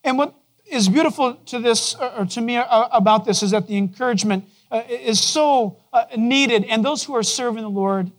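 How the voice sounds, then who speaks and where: A man preaching a sermon to his congregation in a conversational way, asking them questions and dropping to a soft, low voice for gentle moments. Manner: drops to a soft, low voice to quote God gently. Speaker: pastor. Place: church.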